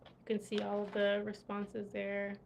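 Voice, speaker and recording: A woman's voice: medium pitch, monotone, a little slow, gravelly, a little hiss or hum. A woman from the USA hosting a livestream, chatting casually and laughing often as she reads viewer comments, tired from travel. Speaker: livestream host. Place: indoors in Morocco.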